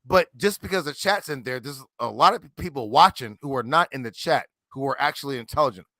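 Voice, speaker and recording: Gravelly, bright-voiced man in his forties. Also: medium pitch, lively intonation, a little fast, no echo, clean studio sound. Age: 40s. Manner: emphatic, profane, combative boasting. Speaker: debater on a livestream panel. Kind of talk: heated livestream chat.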